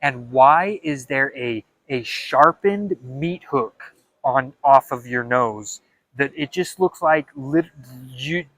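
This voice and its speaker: A young man talking in a casual vlog monologue, animated and dramatic, with frequent stammered restarts. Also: mid-range voice, takes it slowly, no room sound. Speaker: vlogger.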